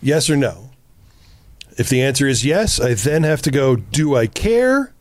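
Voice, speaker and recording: A man with a medium-pitched voice at normal speed co-hosts a relationship podcast. His casual advice comes bluntly, laced with swearing, as he acts out what he's said himself.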